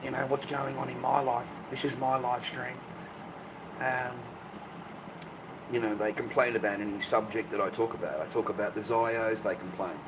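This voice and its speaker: Australian man, live-stream rant, swears a lot, rambling, dismissive, mid-pitched voice, faint background noise. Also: steady tone, normal speed.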